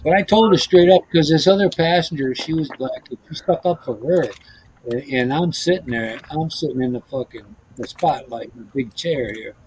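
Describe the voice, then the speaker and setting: A man's voice: fairly high pitch, moderate pace, darkish tone, a little hiss or hum, poor audio. A man hosting a casual podcast, telling profane, laughing stories about driving a bus, with lots of restarts. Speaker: podcast host, former bus driver. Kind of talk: casual chat, storytelling.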